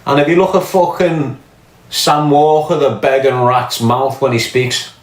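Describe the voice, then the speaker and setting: A man's voice: mid-range voice, steady tone, unhurried, echoey room, slight background noise. A man with a Scouse accent hosting a podcast, talking in a profane, mocking rant full of scorn. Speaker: podcast host. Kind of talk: casual ranting commentary.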